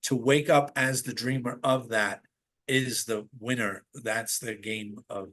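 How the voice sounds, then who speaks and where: A man chatting as a guest, telling stories in an animated, rambling way with many restarts. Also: medium pitch, a little slow. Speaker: podcast guest. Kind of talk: casual spiritual conversation.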